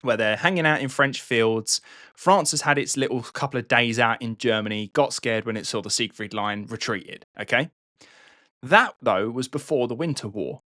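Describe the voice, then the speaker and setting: A man's voice: mid-range voice, moderate pace, bright, forceful tone, no echo. Man, podcast host, casual history storytelling, dry close sound, frequent "right?". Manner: chatty, swearing, tags lines with "right?".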